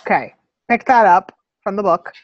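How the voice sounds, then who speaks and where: A woman's voice: medium pitch, moderate pace, no room sound, dull audio. A woman hosting a book club discussion, asking hesitant, conversational questions. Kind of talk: interviewing a guest.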